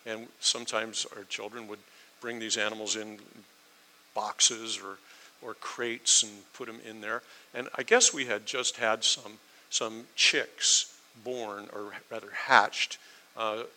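A man's voice: fairly low pitch, flat delivery, slow, sharp tone, poor audio. A middle-aged man preaching a sermon, telling stories with emphasis. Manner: storytelling, emphatic. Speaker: pastor.

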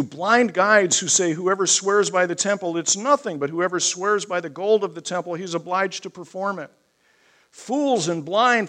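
Guy preaching a sermon, kinda high voice, gets loud on the scripture parts. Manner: booming scripture reading, softening into emotional asides. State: choked up.

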